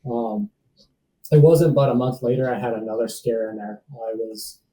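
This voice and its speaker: A man's voice: mid-range voice, normal speed, warm tone, distant mic, slight background noise, low-quality recording. A man telling a personal story as a podcast guest, laid-back, acting out other people's lines. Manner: laid-back, acts out dialogue, says "dude" and "man" often.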